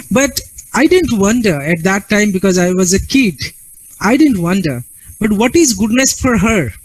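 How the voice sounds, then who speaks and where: A man's voice: high-pitched, low-quality recording. A man giving a classroom lecture, often repeating words and checking in with the listeners.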